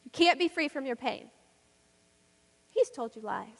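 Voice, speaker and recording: A woman's voice: high-pitched, lively intonation, unhurried, gravelly, long reverb tail. A woman preaching a sermon in a church, with rhythmic, repetitive and emphatic delivery.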